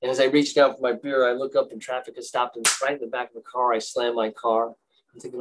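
A man's voice: medium pitch, flat delivery, fast, noisy background. A man in his fifties or older, a recovering alcoholic, earnestly telling his own story of recovery in a talk. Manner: earnest, confessional, emotional storytelling.

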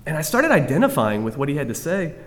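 A man's voice: fairly high pitch, wildly swooping pitch, quick pace. Man, candid testimony to a group, self-mocking, rambling restarts, meeting hall. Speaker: speaker sharing recovery story. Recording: long reverb of a hall.

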